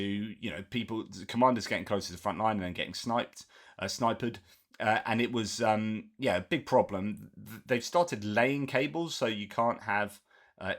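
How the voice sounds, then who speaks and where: A man with a slightly low, somewhat bright voice hosts war news commentary. He reads articles aloud unhurriedly, pausing on "uh" and breaking off for his own asides before returning to the text.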